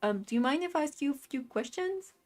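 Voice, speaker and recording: Earnest young defense lawyer, polite and steady, woman reading the part, light voice. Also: high-pitched, brisk, voice pushed up.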